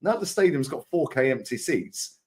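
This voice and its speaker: A man's voice: a little high, big pitch swings, normal speed, husky. A man, a co-host in a casual football chat, talking in street slang and swearing freely. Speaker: co-host, Arsenal fan.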